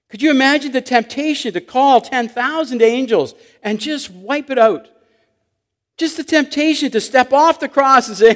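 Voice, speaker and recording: A man preaching a sermon, telling stories and swinging between loud emphatic questions and hushed, quiet asides. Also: very high-pitched, moderate pace. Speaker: pastor. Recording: long hall reverb.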